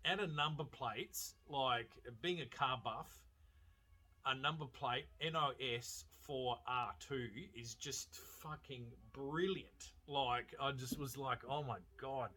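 A man giving a casual, animated movie review, swearing freely and laughing as he retells scenes. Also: medium pitch, slow pace. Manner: animated, profane, laughing storyteller. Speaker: film reviewer.

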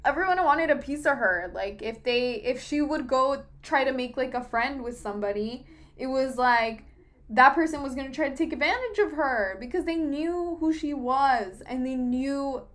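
Young female co-host with a bright high voice, loose and rambling. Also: normal speed. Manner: rambling, filler-heavy, swears freely. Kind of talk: casual chat.

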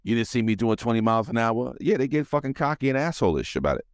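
A man hosting a podcast, telling a story in casual, profane, animated chat. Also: medium pitch, fast talker, no room sound, studio quality. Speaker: podcast host.

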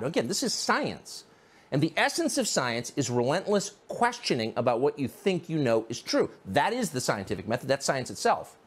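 A sarcastic male commentator who talks with heavy emphasis. His pitch swoops widely from low to high. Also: breathy edge. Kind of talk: opinion commentary.

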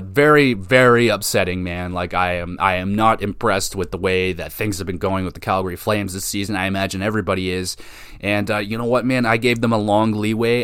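A man's voice: sits low, fairly bright tone, smooth, no echo. A young man hosting a casual hockey podcast, rambling and cursing in frustration. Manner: frustrated, profane, rambling rant. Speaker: podcast host.

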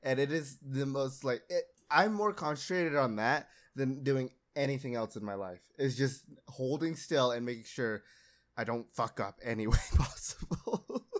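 A man's voice: medium pitch, normal speed. A young man hosting a casual podcast, rambling in a laid-back way and laughing often. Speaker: podcast host.

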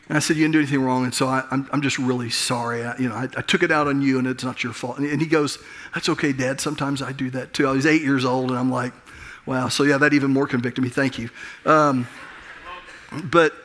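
Middle-aged pastor guy, bright kinda high voice, chatty sermon with lots of restarts. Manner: conversational, self-deprecating, frequent restarts. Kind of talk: sermon with personal story.

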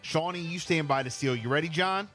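Bright upbeat male radio host. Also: fairly high pitch, brisk, faint music behind. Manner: upbeat, laughs easily. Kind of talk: call-in game show hosting.

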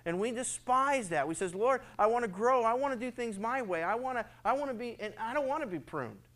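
A man's voice: extremely high pitch, animated, fairly quick, fairly bright tone. A man preaching a sermon as pastor, earnest, often repeating words for stress and acting out quoted prayers and excuses.

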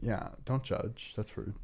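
A man's voice: fairly low pitch, a little mellow, husky. A man in his twenties co-hosting a podcast, chatting casually with a laid-back, dryly joking manner. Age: 20s. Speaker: podcast co-host. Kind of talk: casual chat.

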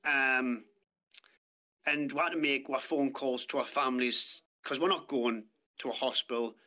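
A man's voice: mid-range voice, steady tone, a little slow, bright, forceful tone. A British man telling his story as a podcast guest, plain-spoken and blunt, with heavy swearing. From Britain. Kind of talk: casual storytelling chat. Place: podcast studio.

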